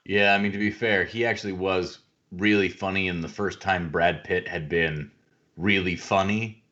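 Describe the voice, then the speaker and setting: A man with a fairly low voice speaks bluntly and curses freely on a movie podcast. His points come across with emphasis. The recording sounds dull and muffled. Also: steady tone, moderate pace, fairly bright tone. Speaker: podcast co-host. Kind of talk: casual movie podcast chat.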